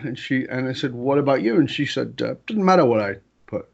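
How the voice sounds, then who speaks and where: Animated male storyteller, lo-fi sound. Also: brisk, gravelly, few pauses. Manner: animated storyteller, acts out quotes with big pitch jumps. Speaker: interview guest. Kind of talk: storytelling in a conversation.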